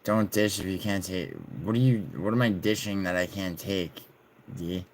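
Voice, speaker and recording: A man's voice: sits low, moderate pace, a little hiss or hum. A man streaming live, casually reading and bantering with viewers' messages in a loose, profane way.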